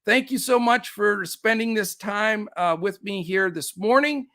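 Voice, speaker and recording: Upbeat, high-voiced man. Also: pushed and bright, no echo, clean studio sound. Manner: quick, upbeat, many fillers. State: out of breath. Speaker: fantasy sports host. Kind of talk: live-stream picks rundown.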